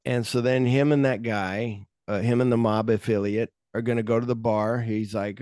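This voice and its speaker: A man's voice: medium pitch, steady tone, moderate pace, few pauses, darkish tone, no room sound, studio quality. A man hosting a podcast, casually retelling film scenes in a rambling way, full of "like". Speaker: podcast host.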